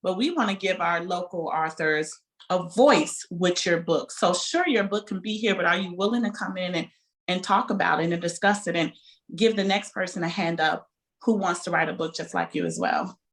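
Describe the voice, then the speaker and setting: Woman, bookstore owner, heartfelt and lively interview talk. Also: lowish voice, normal speed. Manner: animated, heartfelt storytelling.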